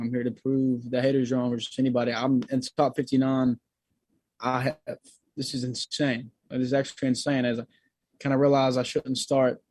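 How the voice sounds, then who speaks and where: Young man, casual interview guest, loose and slangy, mid-pitched voice. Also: darkish tone, dry recording, low-quality recording. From Georgia, USA. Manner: laid-back, slangy, talks to the host as "bro" and "dude". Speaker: guest, singer.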